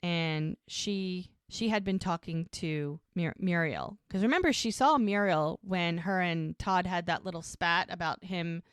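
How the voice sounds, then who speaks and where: A woman with a lowish voice talks through a TV episode on her podcast, retelling each scene and quoting the characters' lines as she goes. The sound is close and dry, with no room around it. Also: a little slow, hardly any pauses, clean tone, no echo. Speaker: podcast co-host. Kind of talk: casual recap of a TV episode.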